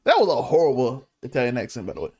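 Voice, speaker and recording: A co-host chats casually on a podcast. The voice is lively and expressive, swinging widely up and down in pitch as they react. The pitch itself sits in the middle range. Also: very fast, a crowd in the background. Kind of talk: casual chat.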